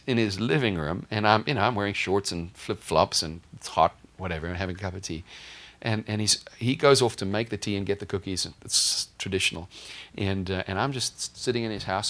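A man preaching a sermon through a personal story, lively, acting out the dialogue in a raised voice. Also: lowish voice. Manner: animated, acts out dialogue in a raised voice.

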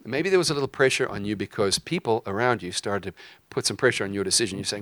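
A man giving a conversational teaching sermon in a lively way, breaking into quoted voices and jokey asides. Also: lowish voice, fast talker, no room sound. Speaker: preacher teaching a lesson.

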